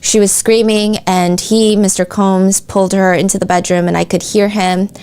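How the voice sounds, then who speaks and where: Woman, podcast host, true-crime narration, reading court testimony, casual chatty asides, mid pitch. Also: little pitch movement, normal speed, a little mellow, clear, resonant tone.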